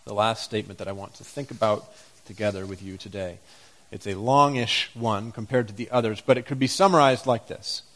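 A man's voice: on the low side, fairly even intonation, a little fast, fairly bright tone. A man preaching a sermon, reading scripture aloud and asking the congregation reflective questions.

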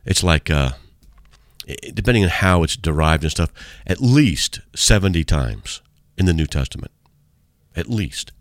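A man's voice: sits low, animated, a little slow, long pauses, no echo, clean studio sound. A man hosting a radio talk as a street evangelist, preaching in a fervent, repetitive, emphatic way.

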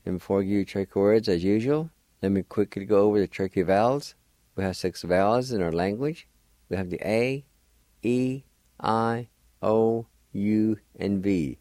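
A man teaching a slow radio language lesson, spelling words letter by letter. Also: on the low side, mellow, no echo.

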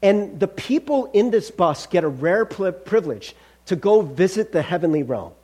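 A man's voice: high-pitched, big pitch swings, normal speed, darkish tone, husky. A male pastor preaching a conversational sermon, calling listeners friends.

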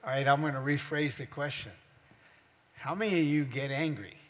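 Pastor in an echoey church hall. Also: male voice, on the high side, normal speed. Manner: teaching, asks the congregation questions. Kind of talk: sermon.

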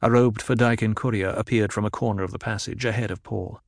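A man in scripted audiobook narration, telling the story in a measured, even way. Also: on the low side, vocal fry, dry recording, clean studio sound.

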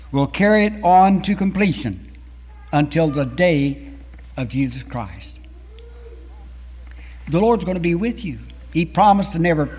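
A man preaching with earnest conviction, his voice pitched a little high and carrying a breathy, husky edge. His words ring out into a long hall reverb, as if he were in a church sanctuary. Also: darkish tone. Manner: earnest, rises and falls in emphasis while reading scripture and poetry. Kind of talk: sermon.

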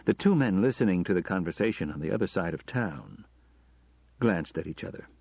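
A man reading an audiobook in steady, measured narration, in a dull lo-fi recording. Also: sits low, creaky, slightly rough, no echo.

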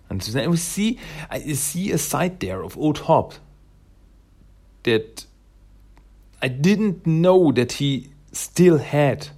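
A man's voice: fairly high pitch, very animated, slow pace, long pauses, darkish tone, breathy edge. A man casually recapping a comic issue, rambling with lots of fillers and self-corrections. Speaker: comic book reviewer.

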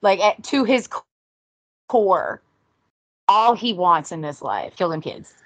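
A woman's voice: fairly low pitch, sing-song, takes it slowly, a bit bright, dry recording. A woman chatting casually about a movie on a podcast, amused and swearing. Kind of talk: casual movie review chat.

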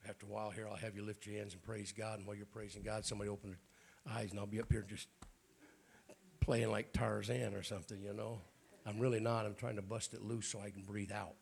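A middle-aged man preaching an informal Pentecostal sermon in a church, hoarse and raspy, often clearing his throat, with folksy jokes to the congregation. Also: on the low side, level tone, fast, darkish tone. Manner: folksy, joking asides to the congregation.

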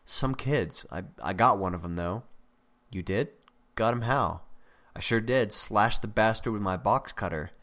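Brief: man reading as a beat-up young guy on pain meds, lazy, gravelly rasp, low voice. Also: measured pace, a bit bright. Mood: wry.

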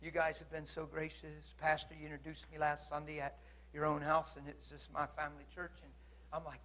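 A man preaching a sermon in a blunt, earnest and challenging way, moving between loud urging and quiet intensity. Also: fairly high pitch, steady tone, moderate pace.

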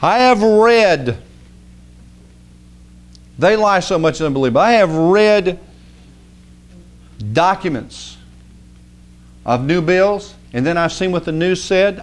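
Male preacher, folksy conversational sermon, slightly high voice, swings from hushed to emphatic. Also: a little slow, long pauses. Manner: animated, rising to emphatic outbursts.

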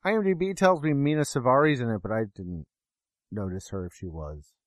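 A man's voice: mid-range voice, fairly quick, no room sound. A man co-hosting a film review podcast, talking in a jokey, rambling, self-deprecating way. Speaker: podcast co-host reviewing films. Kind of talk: casual chat.

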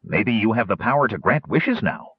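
A man's voice: lowish voice, sing-song, moderate pace, husky, no room sound. A man voicing a practical, matter-of-fact male gnome who reasons plainly. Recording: dull lo-fi audiobook recording.

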